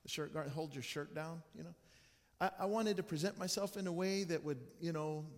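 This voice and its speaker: A man's voice: on the high side, fairly quick. A male pastor preaching a sermon, telling a personal story in an earnest, conversational way with frequent restarts. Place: church sanctuary. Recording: long church hall reverb.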